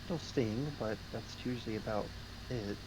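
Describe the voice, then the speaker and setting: A man's voice: lowish voice, moderate pace, background noise, close to an everyday voice. A man voicing a reserved young woman vice captain who speaks formally and politely.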